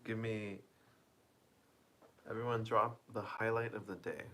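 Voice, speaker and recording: A tired man streaming from home on his phone, talking softly and casually as he reads chat aloud and answers viewers. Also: on the low side, fairly even intonation. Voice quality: soft-spoken, deliberately quiet. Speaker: livestreamer reading chat.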